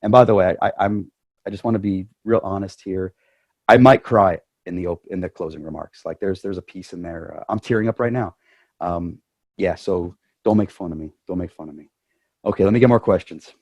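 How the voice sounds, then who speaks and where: A man's voice: deep voice, steady tone, fairly quick, a little mellow, dry recording. Chatty man with a dry sound. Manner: chatty and joking. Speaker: club president. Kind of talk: casual address to members.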